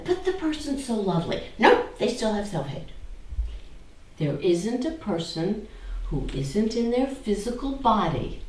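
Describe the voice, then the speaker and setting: A woman spiritual teacher giving a deliberate talk to a small group, often dropping to near-whispers. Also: lowish voice, dark tone. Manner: slow, deliberate, drops to near-whispers on key words. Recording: roomy, distant from the mic, faint background noise.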